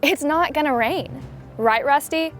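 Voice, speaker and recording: Woman playing a perky tv reporter lady, high voice, upbeat interviewer. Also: measured pace, faint music behind. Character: perky female TV field reporter. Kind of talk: comedic skit acting.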